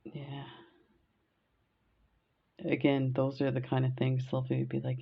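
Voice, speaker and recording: A woman's voice: rumbling low, monotone, measured pace, creaky, slightly rough, muffled recording. A woman from Canada who tells stories in a chatty, rambling way while beading, often laughing. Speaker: beading vlogger. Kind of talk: casual storytelling while beading.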